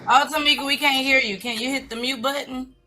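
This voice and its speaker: A woman's voice: sits high, fairly even intonation, a little fast, pushed and bright, soft background music. A woman hosting an online talk show, greeting and bringing up guests, calling them "girl.". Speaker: host.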